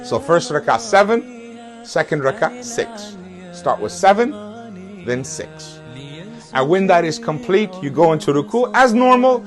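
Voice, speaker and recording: Man, fairly high voice, step-by-step religious lesson, loud drawn-out calls, soft music underneath. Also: big pitch swings. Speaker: religious teacher. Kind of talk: instructional talk.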